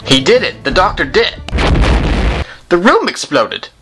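A man's voice: sits high, very animated, measured pace, voice pushed up, heavily acted. A man voicing a worried, loyal young companion with an American accent in a fan animation, speaking in an anxious, pleading way, with faint music underneath.

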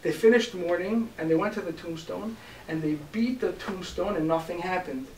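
A rabbi with a high voice preaches a sermon built on stories, acting out each character with lively delivery. He was recorded from some distance in a roomy, echoing hall, with faint hiss under the voice. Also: normal speed. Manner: animated storyteller who acts out the voices in his stories. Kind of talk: storytelling sermon.

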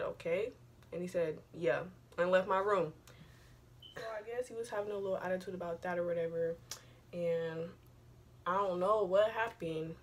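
A woman's voice: on the low side, slight background noise. A young woman vlogger telling a personal story in a casual, rambling, profane way, full of slang.

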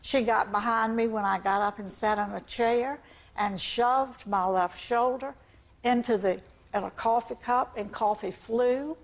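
A woman's voice: a little high, fairly even intonation, measured pace. An older woman from Virginia with a Southern American accent, a talk show guest insisting on her denials.

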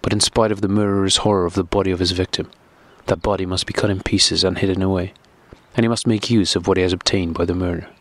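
A man narrating a classic novel audiobook in a steady, measured reading. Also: sits low, no echo.

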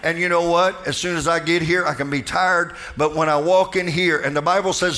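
Fervent male pastor, slightly high voice. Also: fairly even intonation, fairly quick, few pauses, pushed and bright, a little hiss or hum. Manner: fervent preaching with call-and-response. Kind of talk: sermon.

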